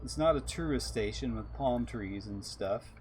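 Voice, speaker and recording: A man's voice: medium pitch, measured pace, darkish tone, slight background noise. A man from Texas, chatting and musing as he streams a space game live. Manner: musing, chatty, reads out chat. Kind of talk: live gameplay commentary.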